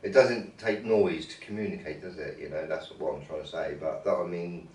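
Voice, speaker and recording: A man's voice: low voice, moderate pace, a little mellow. A man co-hosting a podcast, musing casually and ending his points with tag questions. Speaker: podcast co-host. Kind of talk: casual chat. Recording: roomy echo, far from mic, faint hiss.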